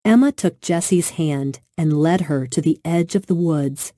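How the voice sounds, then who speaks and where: A narrator reads a children's storybook aloud, gentle and expressive, at a slightly slow pace. Her lowish voice carries a dark, mellow warmth, recorded dry and close with no room sound.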